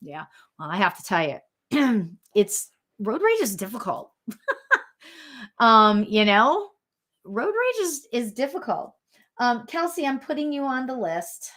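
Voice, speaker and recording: Hosting a live show, a chatty spiritual medium speaks directly to viewers in a bright, forceful, slightly high, sing-song voice at a slow pace with long pauses. She giggles a lot and drifts through ums and restarts while reading comments and giving readings, keeping it loose and casual.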